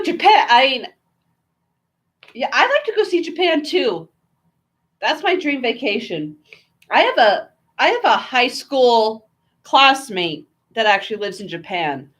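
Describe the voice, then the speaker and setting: A woman's voice: fairly high pitch, a bit bright. A woman with an American accent chatting casually to her camera, rambling from one thought to the next with lots of fillers and asides. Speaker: vlogger.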